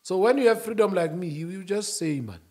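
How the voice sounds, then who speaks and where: Emphatic high-voiced man. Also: lively intonation, fairly quick. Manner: emphatic, rising to shouts, then dropping low. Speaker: guest, union leader. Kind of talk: animated interview talk.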